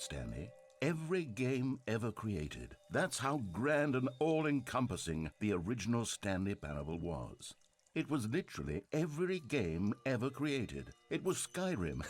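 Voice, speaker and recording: A sardonic, theatrical game narrator, mocking and bitter. His pitch swings wildly from low grumbles to sharp peaks. Music plays clearly behind him. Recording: game audio over music.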